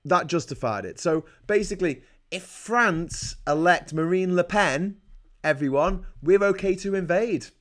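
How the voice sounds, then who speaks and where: A man's voice: sits high, expressive, unhurried. A man hosting a livestream, giving profane, heated and indignant political commentary into a desk mic. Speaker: livestream host.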